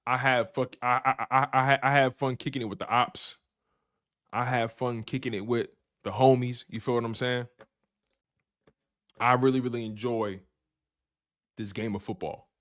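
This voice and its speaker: A man hosts a fan sports talk stream with a medium-pitched voice. He talks in hyped, repetitive bursts and trash-talks the other team. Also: fairly even intonation, normal speed, long pauses, a bit bright. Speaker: sports show host. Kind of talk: animated sports talk livestream.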